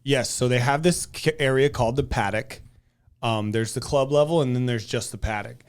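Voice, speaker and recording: A man's voice: normal speed, clear, resonant tone. A young man co-hosting a podcast, telling stories animatedly and acting out quotes in exaggerated voices. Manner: animated storyteller, acts out quotes in high voices. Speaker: podcast co-host. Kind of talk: casual chat.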